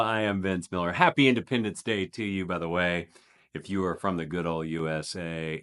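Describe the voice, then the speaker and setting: A man hosting a daily devotional, reading scripture aloud and commenting on it with emphatic stresses and a chuckle. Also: sits low. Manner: lively and emphatic, stressing repeated words with a chuckle. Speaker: devotional host.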